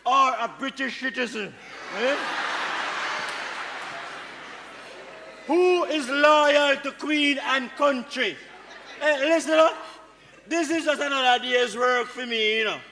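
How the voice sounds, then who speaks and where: Stage play: a Jamaican bully, high bright voice, taunting, shouting, hall reverb. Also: male voice, moderate pace, slight background noise, full character voice. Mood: menacing. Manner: taunting, domineering, often shouting. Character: menacing, boastful man abusing his power. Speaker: stage actor. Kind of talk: live stage play acting. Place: theatre stage with a live audience. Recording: theatre stage with long reverb.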